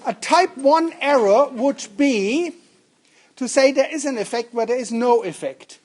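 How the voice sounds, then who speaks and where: A male university lecturer talks at an unhurried, deliberate pace. He teaches in a lecture room, keeping things light with jokes and turning often to the students with questions. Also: very high-pitched, animated, darkish tone. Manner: jokey and interactive, questions the students. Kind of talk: lecturing on statistics.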